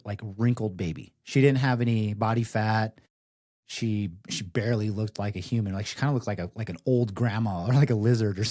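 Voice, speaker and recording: A young man tells firehouse stories in a loose, chatty way, leaning on filler words and dropping softer when things get personal. His voice sits at an ordinary pitch and sounds dry and close to the mic. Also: dry recording. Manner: animated storyteller, many "like" fillers, softens for emotional parts. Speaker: firefighter guest. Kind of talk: casual storytelling interview.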